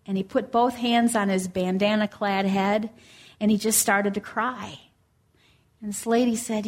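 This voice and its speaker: A woman preaching a sermon, telling a story in a gentle, earnest way and reading scripture aloud. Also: medium pitch, measured pace.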